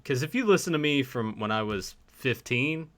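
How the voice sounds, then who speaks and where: A man from the American South with a mild Southern accent, hosting a casual livestream chat in a relaxed, halting way. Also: mid-range voice, dry recording.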